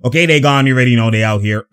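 A young man giving casual, slangy reaction commentary over a basketball game, laughing often and getting excited. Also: mid-range voice, racing, clean tone.

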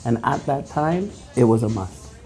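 A woman in her forties with a mellow, warm voice talks in a documentary interview. She is a reggae DJ who grew up in Canada. She explains things in a thoughtful, unhurried way. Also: extremely low pitch, expressive, faint music behind. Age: 40s.

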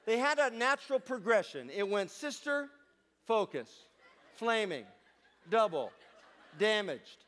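A man doing stand-up comedy, telling stories on stage to a live audience in a playful, chatty way with deadpan asides. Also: high-pitched, a little slow, pauses often, a little hiss or hum.

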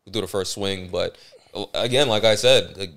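A man's voice: lowish voice, normal speed, vocal fry, fairly bright tone. A man hosting a podcast, talking bluntly and emphatically, with plenty of swearing and repeated restarts. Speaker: podcast host. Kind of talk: casual podcast commentary.

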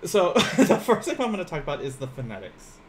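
Young guy teaching a chill livestream class from home, super animated up-and-down voice, rambly and self-mocking, faint hiss behind. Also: on the high side, fairly quick. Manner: rambling, self-mocking, laughs often, lots of fillers. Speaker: Japanese teacher. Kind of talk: casual livestream language lesson. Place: home room.

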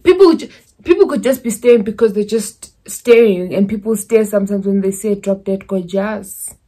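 A woman's voice: mid-range voice, a little fast, warm tone. A young woman from South Africa with a South African accent, chatting casually in a vlog and slipping in Zulu phrases as she rambles through stories. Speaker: YouTuber.

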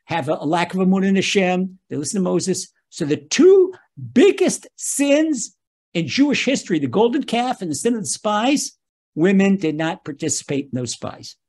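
A man's voice: high voice, animated, moderate pace, darkish tone. A man, a rabbi, giving a spoken Torah lesson, emphatic and talking straight to his listeners, often repeating his key phrases.

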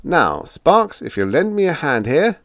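A cocky young space officer with a thin, smug calm, as a man puts him on. His voice lifts high and lively against the narrator's lower tone. Close, dry recording. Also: a little slow, no room sound, heavily acted. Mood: brisk. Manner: smug, quietly confident.

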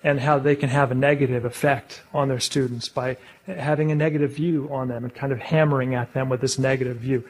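Husky man giving a religious talk. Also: medium pitch, fairly even intonation. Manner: asks the audience questions, slows to stress key words. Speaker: public speaker.

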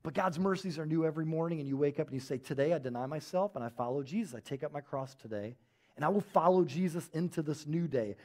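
A man preaching a sermon in a church, telling stories in a casual, animated way with lots of filler words. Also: on the high side, quick pace. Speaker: pastor.

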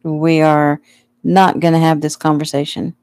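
A woman's voice: sits low, flat delivery, unhurried, darkish tone, dry recording, clean studio sound. A woman reading the lines of a polite, earnest young adult son in a storybook. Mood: firm.

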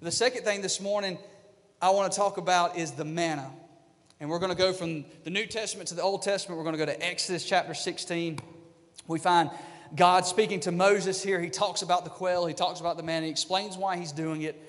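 A man's voice: sits high, fairly even intonation, brisk, long reverb tail. A man, an associate pastor, preaching a sermon in a conversational style that rises into emphatic bursts. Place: church sanctuary.

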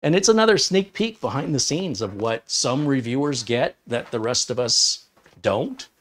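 A man's voice: medium pitch, expressive, moderate pace, fairly bright tone, a little hiss or hum. A man hosting a tech live stream, chatting casually and telling an anecdote with frequent laughs. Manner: chatty, storytelling, laughs often. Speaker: tech channel host.

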